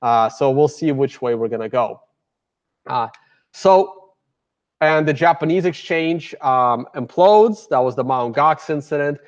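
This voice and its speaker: Man, fairly high voice, casual lecture, rambling with uh and um, lo-fi muffled recording. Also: lively intonation, unhurried. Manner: casual, rambling, many fillers and restarts. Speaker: guest speaker. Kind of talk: live lecture with slides.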